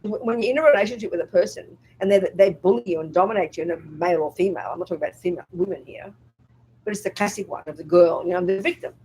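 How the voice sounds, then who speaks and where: A woman's voice: fairly low pitch, rapid-fire, a little mellow, a little hiss or hum, low-quality recording. A woman, a Buddhist nun, giving a dharma talk at a retreat. She speaks bluntly and with emphasis, often checks whether the group follows her, and acts out inner voices in quotes. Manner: emphatic and blunt, asks the audience if they follow.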